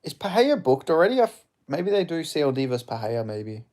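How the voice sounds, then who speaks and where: A man's voice: fairly high pitch, very animated, fairly quick, a little mellow. A young man hosting a live fight watch-along stream, chatting casually, reacting to strikes, reading viewer chat aloud and swearing freely.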